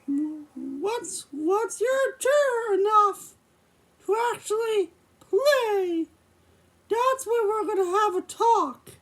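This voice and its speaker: A woman's voice: extremely high pitch, a bit bright, full character voice. A young woman voicing a stern cartoon mouse father in a homemade puppet show, scolding his son. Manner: scolding, nagging.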